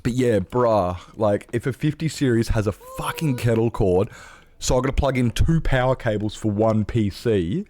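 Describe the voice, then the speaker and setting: A man's voice: medium pitch, moderate pace, mellow. Rambling man, casual chat. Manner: rambling, self-correcting, swears casually. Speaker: streamer.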